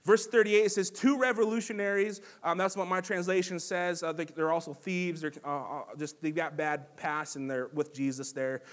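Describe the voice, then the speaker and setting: A man's voice: fairly high pitch, steady tone, moderate pace, few pauses. A man preaching a sermon as pastor, earnest and conversational, with frequent fillers and restarts. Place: church sanctuary.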